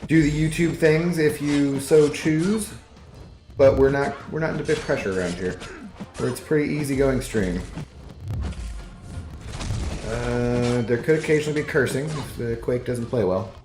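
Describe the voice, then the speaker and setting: A relaxed male streamer talks through his game and answers chat in loose, wandering asides. His mid-pitched voice carries a roomy echo, with faint music playing underneath. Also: measured pace, pauses often. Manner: laid-back, rambling, reads chat aloud. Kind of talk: casual live-stream chat while gaming. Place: apartment living room.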